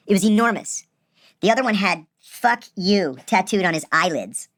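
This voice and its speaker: A man casually telling a personal story, animated and acting out the people he quotes. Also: high voice, a little fast, no room sound, clean studio sound. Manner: animated, acts out quoted voices.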